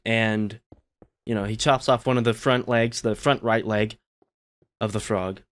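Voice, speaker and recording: A man hosting a relaxed gameplay video, telling a long story in a meandering, laid-back way with lots of fillers. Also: lowish voice, a little slow. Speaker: gaming channel host.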